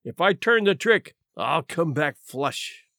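A man voicing a hungry, blustering, stout former police captain who growls and grumbles loudly in a storybook reading. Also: fairly high pitch, sing-song, slow pace, creaky, dry recording, studio quality, full character voice. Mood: grumbling. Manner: growling, grumbling, loud and huffy.

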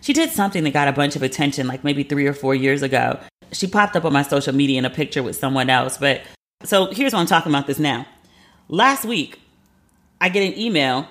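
A woman talking straight into the mic in a loose, unscripted monologue. She is frank and swears freely. She breaks into little acted quotes of what she and others said. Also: deep voice. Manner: candid, profane, animated storytelling with quoted asides. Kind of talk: casual storytelling monologue.

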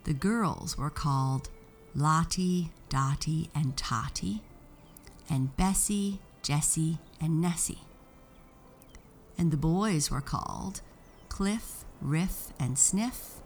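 A woman reading a children's story aloud in a slow, expressive storytelling manner. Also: deep voice, a little hiss or hum.

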